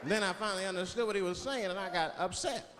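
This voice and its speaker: A man doing stand-up, telling a profane story with animated asides. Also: sits high, fast talker, big-room sound. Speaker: stand-up comedian. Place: comedy club stage. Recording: live club set with noisy audience. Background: audience laughter and chatter.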